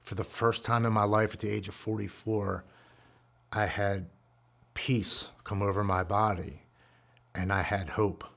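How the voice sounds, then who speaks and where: A man in his forties telling his own recovery story in an earnest, emotional way, dropping to a hushed voice at the heavy moments. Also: lowish voice, level tone, unhurried, creaky. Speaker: guest speaker.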